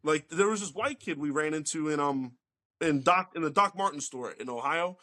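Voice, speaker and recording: A man's voice: on the high side, normal speed, over a noisy crowd. A man, hosting a podcast and telling rambling, profane stories in casual chat. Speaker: podcast host.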